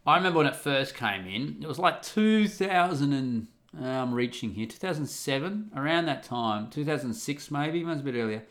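A man casually telling a story and reading aloud, with animated, sweary, mocking outbursts. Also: mid-range voice, normal speed, hardly any pauses. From English-speaking, not Italian.

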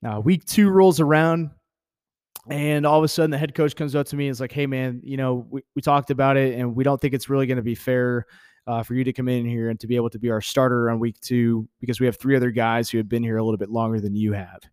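Young male podcast host from Texas, casual storytelling, blunt and profane, mid-pitched, dry close sound. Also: little pitch movement, fast talker, darkish tone, clean tone, dry recording. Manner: candid, profane, heated with laughs.

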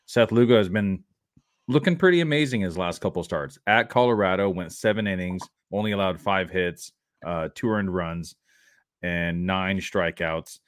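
A man co-hosting a casual fantasy baseball podcast, reading out player stats steadily with filler pauses. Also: low voice, no room sound, studio quality. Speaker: podcast co-host. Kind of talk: casual sports chat.

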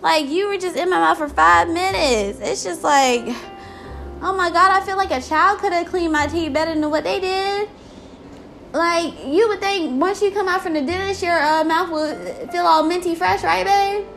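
A woman's voice: very high voice, normal speed, fairly bright tone, soft background music. A woman ranting in a casual vlog, exasperated and full of swearing.

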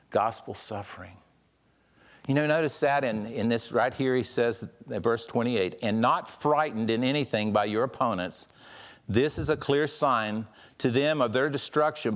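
A man preaching a sermon in a conversational way, often repeating and restarting words and rising in pitch when he stresses a point. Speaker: pastor.

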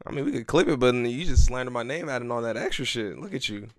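A young podcast co-host with a medium-pitched voice and lively intonation jokes around, teases and is quick to playfully protest. It's a casual chat, recorded dry with clean studio sound.

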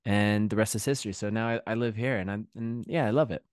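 A man's voice: lowish voice, steady tone, quick pace, smooth, no echo, clean studio sound. A man from Connecticut, chatting as a podcast guest and telling stories with restarts and animation. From Connecticut, USA. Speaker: podcast guest, chef and author. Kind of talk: casual interview chat. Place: home in the English countryside.

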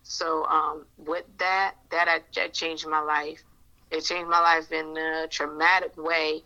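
Woman testifying on a faith podcast, bright sharp voice, fervent storyteller. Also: deep voice, level tone, takes it slowly, dull audio. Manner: fervent, storytelling, acts out her prayers with God. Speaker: minister sharing a testimony. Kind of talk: emotional personal testimony in a podcast interview.

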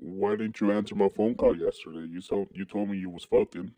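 A man from Wyoming co-hosting a crude comedic podcast, teasing bluntly and deadpan. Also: fairly low pitch, fairly quick, dry recording. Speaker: podcast co-host.

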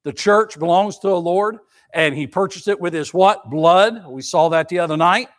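A man's voice: high voice, moderate pace. A male pastor preaching a sermon, emphatic and repetitive, asking the congregation rhetorical questions.

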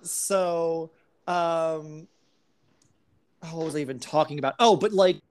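A woman's voice: low-pitched, slow pace, background noise. A woman talking as a podcast guest in casual, candid chat, rambling with many fillers.

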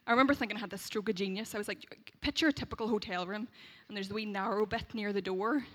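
A woman in her thirties from Derry with a Northern Irish accent, telling a personal faith testimony in an animated way, laughing as she goes and acting out the voices she quotes. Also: mid-range voice, fast. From Derry, Northern Ireland. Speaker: speaker sharing a faith testimony.

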